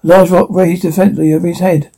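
A man's voice: high voice, level tone, rapid-fire, gravelly, dark tone, slightly rough. A man giving scripted narration, plainly describing the action between scenes.

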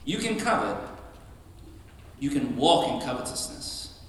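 A man's voice: mid-range voice, big pitch swings, unhurried, a bit bright. Man preaching in an echoey church. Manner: emphatic, conversational preaching with repeated restarts. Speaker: pastor. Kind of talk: sermon. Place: church sanctuary. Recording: echoey hall from a distant mic.

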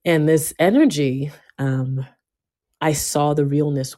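Emphatic woman with a lowish voice. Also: fairly even intonation, slow. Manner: emphatic, often repeating and restarting words; swings between loud bursts and quiet, low asides. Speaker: speaker giving a self-help talk. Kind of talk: casual motivational talk.

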